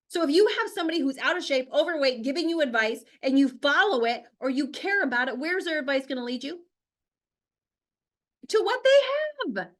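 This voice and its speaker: A woman's voice: high-pitched, a bit bright. A woman host giving a blunt, emphatic motivational talk, firing off rhetorical questions. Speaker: host, health coach.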